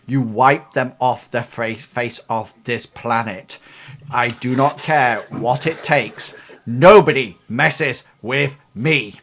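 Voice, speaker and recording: A man's voice: medium pitch, takes it slowly, few pauses, lightly acted. A man voicing an irate male troll boss who barks clipped, vengeful orders. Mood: angry commanding. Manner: shouting orders, clipped and forceful.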